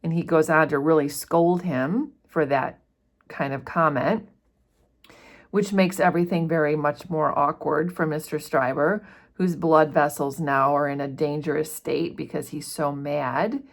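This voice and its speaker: A woman with a somewhat low voice talks casually through a classic novel's chapter. She paraphrases the scenes in her own easygoing words, leaning on fillers as she explains. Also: fairly even intonation, unhurried. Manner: chatty, paraphrases with frequent fillers. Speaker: book discussion host. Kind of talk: casual chapter-by-chapter book commentary.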